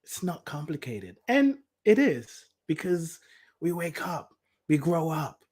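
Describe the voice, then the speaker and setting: A man's voice: mid-range voice, expressive, unhurried, darkish tone, breathy edge. A man hosting a spiritual talk show, speaking from the heart in an emotional, repetitive way and reading out listener comments. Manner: heartfelt, emotional, repeats himself. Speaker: podcast host.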